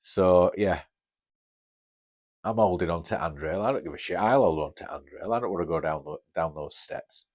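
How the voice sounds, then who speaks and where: Chatty Northern English man, low voice. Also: normal speed, lo-fi sound. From Northern England. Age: 50s. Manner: chatty, blunt, swears freely. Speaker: podcast host. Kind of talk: casual storytelling.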